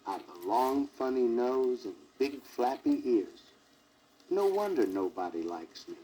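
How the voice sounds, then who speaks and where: A man's voice: medium pitch, big pitch swings, unhurried, mellow, slightly rough. A man voicing a silly, self-pitying young male elephant who whines and bawls, on a crackly 1960s vinyl record. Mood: sobbing. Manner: whiny and tearful, bawling.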